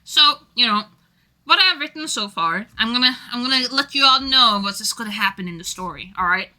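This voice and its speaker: A woman's voice: on the high side, animated, brisk, pushed and bright. A Norwegian-speaking woman streaming casually, rambling and giggling often while chatting to viewers. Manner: giggly, rambling, self-deprecating.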